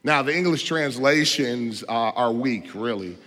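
A man pastor delivering a sermon in church, emphatic and full of rhetorical questions, swinging between loud stresses and quiet asides. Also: mid-range voice, animated, unhurried. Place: church sanctuary. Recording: long hall reverb.

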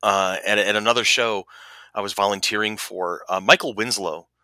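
A middle-aged man co-hosting a casual chat, telling animated anecdotes and acting out the quotes. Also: lowish voice, normal speed, no echo. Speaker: podcast co-host.

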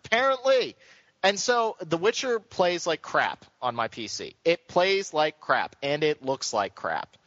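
A man co-hosting a casual gaming podcast, joking and ranting in an animated, exasperated way. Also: a little high, unhurried, few pauses, dry recording. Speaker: podcast co-host. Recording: dull lo-fi sound, dry.

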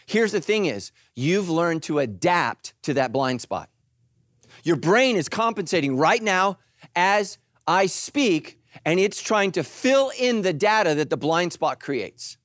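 A middle-aged man preaching a sermon, animated and joking, acting out quoted voices. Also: sits high, measured pace, dry recording, clean studio sound. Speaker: pastor.

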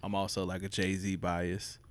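A man with a Southern US accent hosting a podcast, joking around in a loud, hyped-up, bantering way. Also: deep voice, monotone, measured pace, crowd noise. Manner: loud, jokey, hype banter. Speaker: podcast host. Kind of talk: casual podcast chat.

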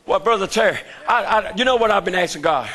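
An older man preaching a fervent sermon in a church, shouting his lines and calling out to the congregation. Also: sits high, expressive, quick pace.

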